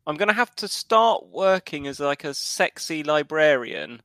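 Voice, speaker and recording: A man's voice: on the high side, big pitch swings, measured pace, bright, forceful tone, dry recording, studio quality. A man co-hosting a casual podcast chat, rambling as he spins elaborate joking schemes. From United Kingdom. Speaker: podcast co-host.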